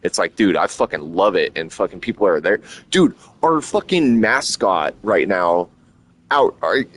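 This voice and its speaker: A low-pitched man chats casually on a stream. He rambles and swears freely, his talk running hot with excitement. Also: measured pace, a little hiss or hum. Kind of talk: casual chat.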